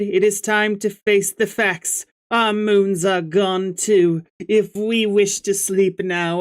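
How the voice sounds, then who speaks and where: A chatty, bubbly alien girl with a put-on British lilt, as a man voices her. She talks in a slow, breezy way, slightly posh and unhurried. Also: fairly high pitch, voice pushed up, lightly acted.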